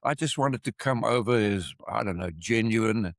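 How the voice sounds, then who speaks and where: An older South African man serving as an expert witness speaks in a casual interview, measured and emphatic, repeating points for stress. His voice is on the low side, with no echo.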